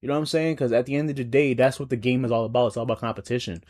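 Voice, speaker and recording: A man's voice: mid-range voice, steady tone, very fast, darkish tone. Laid-back slangy man reacting. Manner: laid-back slang-heavy rambling with lots of "bro". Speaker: reaction video host. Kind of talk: casual chat.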